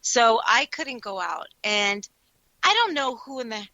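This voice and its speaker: A woman co-hosting a talk radio show tells stories in an animated, expressive way. Her voice is bright and high, and it swings widely in pitch. The recording is dry and close, with a dull lo-fi tone. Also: a little slow, no room sound. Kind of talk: casual chat.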